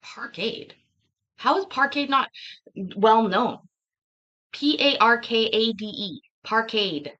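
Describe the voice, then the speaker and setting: A Canadian woman hosts a relaxed livestream, talking slowly in a bright, forceful voice. She laughs easily and playfully argues with her viewers. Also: on the high side, lo-fi sound. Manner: laughing, playful, mock-arguing about pronunciation. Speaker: livestream host. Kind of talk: casual chat with live viewers.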